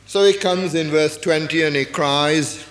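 A man's voice: on the high side, a little slow, a bit bright, soft background music. A man preaching a sermon, explaining a Bible passage earnestly and often asking rhetorical questions. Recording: echoey hall with long reverb.

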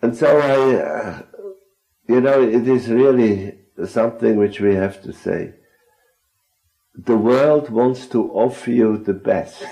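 A man's voice: medium pitch, gravelly, mellow, rough recording. A man leading a group Bible discussion, earnest and often posing questions to his listeners. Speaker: Bible study speaker.

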